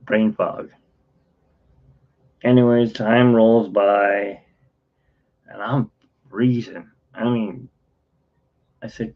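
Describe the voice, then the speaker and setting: A man's voice: fairly low pitch, steady tone, drawn-out words, pauses often. A tired man telling a rambling personal story in a casual vlog, acting out the voices of the people in it. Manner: rambling, self-interrupting, acts out quoted dialogue. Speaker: channel host. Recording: dull lo-fi sound.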